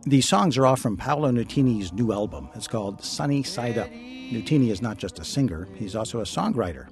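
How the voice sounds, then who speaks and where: A man's voice: medium pitch, expressive, a little fast, creaky, over music. A man hosting a radio interview, asking curious, friendly questions and laughing easily.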